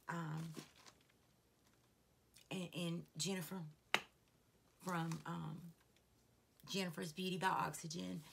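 Slow-talking woman with vocal fry. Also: fairly low pitch. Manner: rambling and heartfelt, laughs at herself. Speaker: vlogger. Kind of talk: casual chat to camera.

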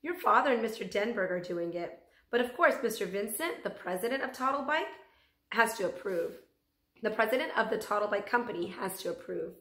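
A friendly receptionist calmly explains how things work, read by a woman doing the voice. Her tone stays even at a middle pitch, in an echoey room. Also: fairly quick. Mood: explaining. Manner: matter-of-fact, explaining.

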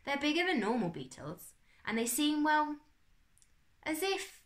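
A woman's voice: sits high, big pitch swings, a little slow, fairly bright tone, voice pushed up, full character voice. A woman reading aloud and voicing a cheerful, fussy older uncle in a children's storybook, with a hearty, flustered manner. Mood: jovial.

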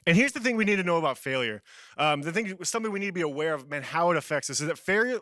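A man's voice: a little high, lively intonation, fast talker, a bit bright, no room sound, clean studio sound. A young man giving a casual youth sermon as a youth pastor, telling stories on himself with a self-deprecating, laughing manner.

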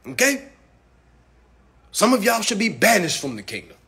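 A man's voice: high voice, sing-song, moderate pace, creaky, sharp tone, breathy edge. A drunk man delivering a preachy, profane ranting monologue, constantly checking in with "all right?". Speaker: consumer finance commentator.

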